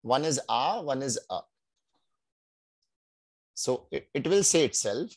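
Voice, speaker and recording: A male German teacher leads a beginners' class at a steady, mid-range pitch. He sounds patient and breaks words down slowly. He keeps asking his learners "right?" to check they follow. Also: no echo, rough recording. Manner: drills pronunciation slowly, word by word. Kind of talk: live online language class.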